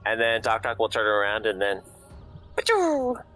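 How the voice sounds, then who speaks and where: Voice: mid-range voice, level tone, brisk, pushed and bright, clear, resonant tone, soft background music. A player in a tabletop role-playing game, explaining moves casually and thinking aloud. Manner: laid-back, thinking aloud.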